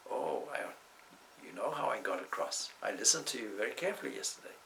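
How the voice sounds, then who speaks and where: Brief: man lightly doing a naive milkmaid, earnest, low and gravelly. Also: big pitch swings, a little fast, a bit bright, slight background noise, heavily acted, poor audio. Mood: innocent. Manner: guileless, plain-spoken. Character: simple earnest young milkmaid woman.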